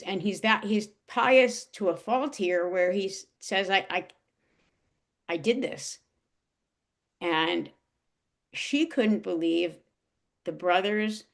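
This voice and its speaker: A woman telling an emotional personal story in a casual, halting way, with many restarts and fillers. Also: mid-range voice. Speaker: guest.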